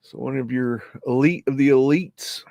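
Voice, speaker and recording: A man's voice: medium pitch, steady tone, normal speed, dark tone, no echo, lo-fi sound. Rambling man, dry close mic. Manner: rambling, scolds his dog in a rough drawl. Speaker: host of a live stream. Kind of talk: casual live commentary over old photos.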